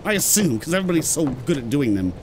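A British man giving excitable let's-play commentary and swearing when surprised. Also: fairly high pitch, fast, background noise. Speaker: gameplay commentator.

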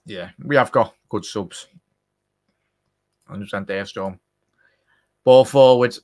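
Excitable man hosting a football watchalong. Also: fairly low pitch, slow. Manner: excitable, chatty, addresses chat directly. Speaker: watchalong host. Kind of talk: live football watchalong commentary.

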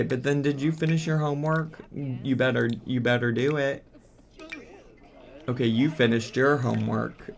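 A man's voice: on the high side, vocal fry, a bit bright. A man giving casual let's-play commentary as a gaming streamer, exasperated and bossing his game characters around.

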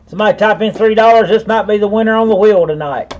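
A man's voice: high-pitched, quick pace, hardly any pauses, a little mellow, muffled recording, a little hiss or hum. A man with a Southern US accent running a live online auction, rambling in a folksy way and calling viewers by name. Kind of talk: live-stream auction patter.

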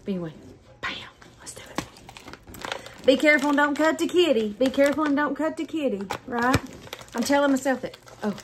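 Talking fast with lively intonation, a high-voiced woman gushes through a casual haul vlog from inside her home. Bubbly and direct, she speaks to viewers as "y'all," against a noisy background.

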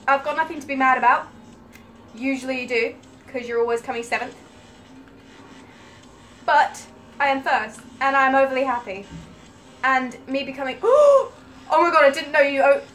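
A woman gamer giving live commentary on her own play, excitable and swearing at rival players. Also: fairly high pitch.

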